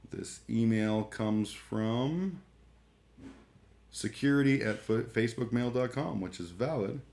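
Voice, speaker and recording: A man's voice: mid-range voice, takes it slowly, vocal fry, a little mellow. A man chatting casually on a live stream, rambling and irreverent, full of fillers and restarts. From Canada. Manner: irreverent, joking.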